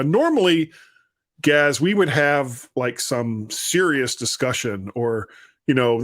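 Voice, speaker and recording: A man with a London accent hosts a podcast in relaxed, self-deprecating chat. His voice sits a little higher than most men's. He tends to stumble into answers before finding his way. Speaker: podcast host. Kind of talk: casual chat.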